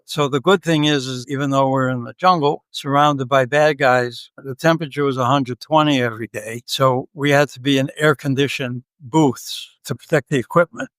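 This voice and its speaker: A man's voice: mid-range voice, fairly even intonation, normal speed, few pauses, a bit bright, no room sound. A man in his seventies, a podcast guest, tells stories in a joking, easygoing way. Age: 70s. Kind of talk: casual interview storytelling.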